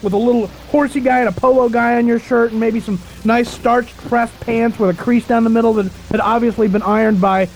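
A man's voice: very high voice, steady tone, brisk, few pauses, slight background noise, low-quality recording. A man co-hosting a casual radio talk show, brash, mocking and opinionated.

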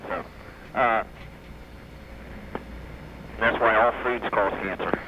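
A man's voice: fairly low pitch, fairly even intonation, slow, background noise. A man calling in to a radio show, talking in an offhand, indifferent way over a fuzzy phone line. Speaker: caller. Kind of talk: phone call-in.

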